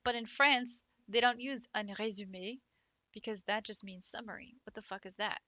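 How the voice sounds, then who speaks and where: A woman's voice: medium pitch, fairly even intonation, moderate pace, pushed and bright, no room sound. A woman who teaches French, chatting casually on a livestream, giggling often and swearing offhandedly. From United States.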